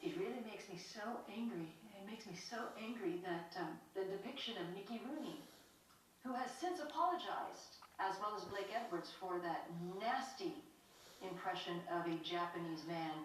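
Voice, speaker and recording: An American woman giving a documentary interview, earnest and impassioned, often pausing to restart her phrases. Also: mid-range voice. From United States. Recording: echoey, distant, slightly noisy.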